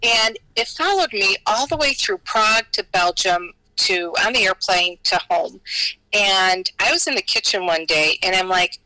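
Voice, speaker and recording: A woman's voice: medium pitch, unhurried, bright, forceful tone, dry recording, rough recording. An American woman, a podcast guest, telling her stories in a chatty, rambling way full of fillers and restarts. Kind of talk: casual storytelling in an interview.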